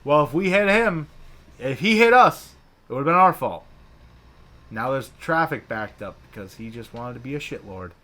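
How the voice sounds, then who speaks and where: A man co-hosting a casual gaming chat, telling a profane, animated story and acting out the people in it. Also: mid-range voice, normal speed. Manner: profane, animated, acts out quoted bosses.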